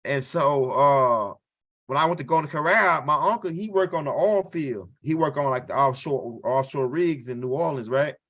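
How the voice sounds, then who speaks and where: Bright-voiced profane stand-up storyteller man. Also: mid-range voice, moderate pace. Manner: loose, profane storytelling with frequent "right?" tags. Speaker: stand-up comedian.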